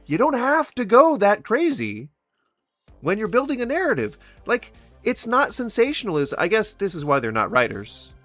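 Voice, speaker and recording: Animated sarcastic man ranting. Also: high voice, moderate pace, faint music behind. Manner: mocking, mimics others in taunting voices, swears. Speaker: commentator reacting to clips. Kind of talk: sarcastic reaction commentary.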